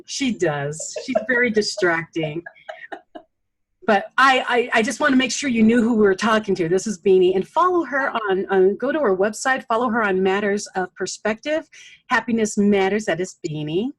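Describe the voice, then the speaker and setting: A middle-aged woman hosting a casual chat, blunt and animated, laughing often. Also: medium pitch, moderate pace. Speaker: podcast host and coach.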